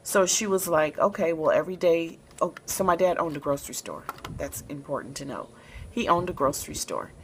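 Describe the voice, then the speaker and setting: Low-voiced soft-spoken woman storyteller. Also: a little fast, creaky, a little hiss or hum, poor audio. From Memphis, Tennessee, USA. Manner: soft-spoken, relaxed, with frequent fillers. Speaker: vlogger telling a personal story. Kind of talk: casual storytelling to camera.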